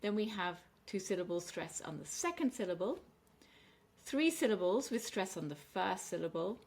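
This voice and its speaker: A woman teaching English pronunciation and word stress, speaking clearly and deliberately, slowing down on the example words. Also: mid-range voice. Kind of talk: pronunciation lesson.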